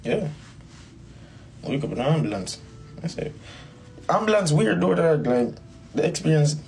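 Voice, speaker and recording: A man's voice: on the high side, very animated, moderate pace, creaky, a little mellow, a little hiss or hum. A man with a Jamaican accent telling a personal story in a rambling, casual way, repeating phrases and calling the listener "bro". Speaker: dancehall artist.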